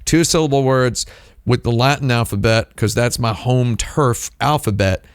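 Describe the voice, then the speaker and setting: A man hosting a live stream, talking in a rambling, deadpan comedic monologue and playing with made-up words. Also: normal speed, dry recording, studio quality. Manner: deadpan, playful with invented words, lively pitch swings. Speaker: streamer host.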